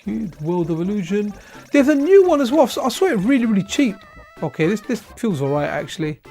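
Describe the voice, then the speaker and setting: A man's voice: sits high, big pitch swings, a little fast, mellow, soft background music. A tired man chatting loosely while he plays old console games on a live stream, rambling and repeating himself. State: tired, yawning. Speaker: streamer playing retro games. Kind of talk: casual live-stream commentary.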